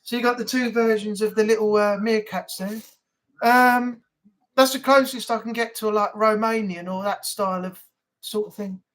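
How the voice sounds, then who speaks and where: A man's voice: high voice, steady tone, moderate pace, a bit bright, low-quality recording. Chatty man rambling on stream. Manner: rambling, chatty, many fillers. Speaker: live chat host. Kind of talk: casual live-stream chat. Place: home room.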